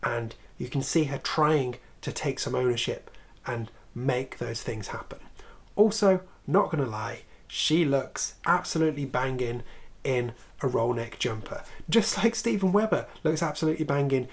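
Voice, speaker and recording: A man's voice: medium pitch, lively intonation, moderate pace. Chatty man reviewing films. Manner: chatty and opinionated, with sarcastic swearing asides. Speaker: host and film reviewer. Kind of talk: casual video review.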